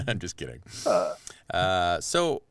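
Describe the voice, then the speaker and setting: Man, podcast host, teasing jokes, slow pace, lowish pitch. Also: huge pitch swings, fairly bright tone, clean tone, no echo, studio quality. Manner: teasing, joking. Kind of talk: casual chat.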